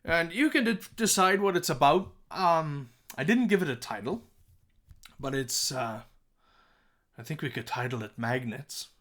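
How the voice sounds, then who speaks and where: A man's voice: fairly high pitch, animated, unhurried, a bit bright. A man teaching a recorded music composition lesson, talking in a friendly, chatty way with fillers.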